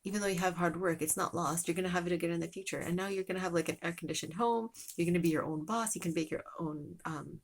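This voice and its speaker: A woman's voice: lowish voice, quick pace, hardly any pauses. A woman telling a meandering, casual story as a lesson, with many fillers and restarts.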